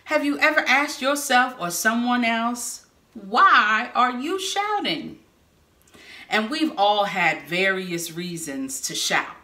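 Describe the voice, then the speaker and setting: A woman delivers a sermon at an unhurried pace, telling stories with lively bursts of shouting. Her voice is bright and forceful, and it rings in an echoey room. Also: mid-range voice. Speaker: preacher. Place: church sanctuary or hall.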